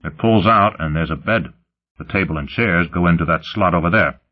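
A man's voice: deep voice, normal speed. Man doing a gloating, brash pleasure-seeker. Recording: tinny phone-like sound.

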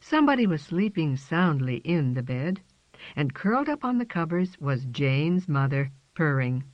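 Woman reading a kids' story aloud, low voice, super expressive, dry kinda dull recording. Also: dry recording. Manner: slow, lilting reading. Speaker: narrator. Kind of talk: storybook narration.

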